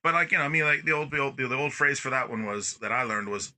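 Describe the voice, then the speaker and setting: A man talking as a podcast guest in casual conversation, very expressive, constantly stressing and softening words. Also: mid-range voice, fast talker. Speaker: podcast guest, music educator.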